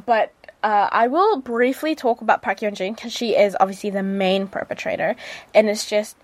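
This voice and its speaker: Her accent from New Zealand, a radio host talks at a normal speed in a mid-range voice, gushing about a drama she's reviewing. The delivery is chatty, with lots of fillers and restarts, captured on a studio mic without any echo.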